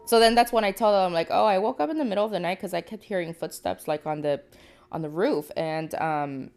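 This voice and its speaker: A young woman from Panama telling a spooky story casually, cursing freely and swinging from hushed to shouting. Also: on the low side, brisk, faint music behind. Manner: profane, animated, swinging between hushed and shouted.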